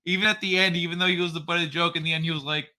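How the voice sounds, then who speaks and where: A man's voice: on the high side, flat delivery, rapid-fire, pushed and bright. A man hosting a casual livestream, reading chat aloud in a loose, profane way and laughing often. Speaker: livestream host.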